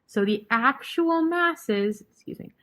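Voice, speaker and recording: A woman's voice: high-pitched, expressive, slow, bright, forceful tone. A young woman leading an online chemistry review session, talking casually and joking sarcastically with her students. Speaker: chemistry tutor.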